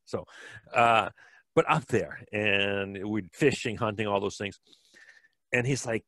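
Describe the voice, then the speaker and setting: Middle-aged Wisconsin man, podcast guest, low voice, dry close sound, rambling storyteller. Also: normal speed, fairly bright tone, dry recording. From Wisconsin, USA. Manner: rambling, many fillers and restarts. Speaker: podcast guest, bike fitter. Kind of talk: casual storytelling.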